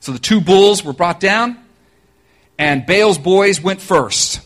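A man preaching a sermon, telling a story with animated energy, joking asides, and direct appeals to his listeners. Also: sits high, takes it slowly. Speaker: pastor.

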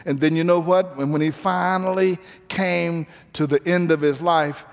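A man's voice: a little high, fairly even intonation, moderate pace, creaky. Emphatic preacher man in a reverberant hall. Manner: emphatic, repeating key phrases. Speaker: pastor. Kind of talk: sermon. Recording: reverberant hall with faint music.

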